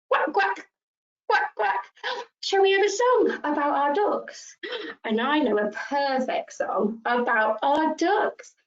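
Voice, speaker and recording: A young woman leading a rhyme time for small children, sing-song and gasping with excitement. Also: high-pitched. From England. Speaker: early years practitioner. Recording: dull lo-fi home video sound.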